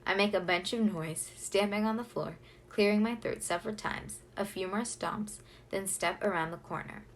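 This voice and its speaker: Expressive woman reading a novel aloud. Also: mid-range voice, moderate pace. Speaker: audiobook reader. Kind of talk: first-person novel narration.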